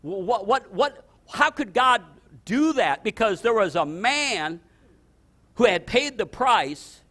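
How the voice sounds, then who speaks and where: Animated older male preacher, high voice. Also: takes it slowly. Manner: animated, repetitive restarts, rising to exclamations. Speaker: pastor. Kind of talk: sermon with storytelling.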